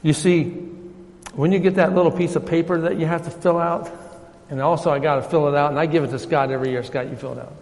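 A man's voice: fairly high pitch, steady tone, quick pace, darkish tone. A male pastor preaching a sermon in a folksy, conversational way, retelling conversations. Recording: long church reverb.

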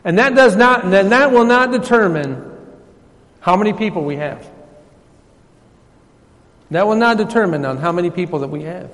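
Pastor, man, high-pitched, folksy conversational sermon, long church reverb. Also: a little fast, pauses often. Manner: folksy, conversational preaching with retold dialogue.

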